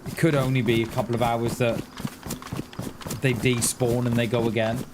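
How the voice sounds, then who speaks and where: A man's voice: medium pitch, level tone, moderate pace, background noise. A man chatting casually while live-streaming a survival game, thinking aloud with lots of restarts and little chuckles.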